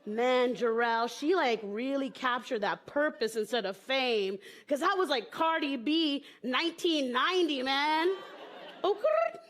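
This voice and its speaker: A woman performing improvised comedy on stage, telling a story in a chatty, playful way. Her voice sits high and she takes an unhurried pace, leaning often on "like" fillers. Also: fairly bright tone, some chatter behind.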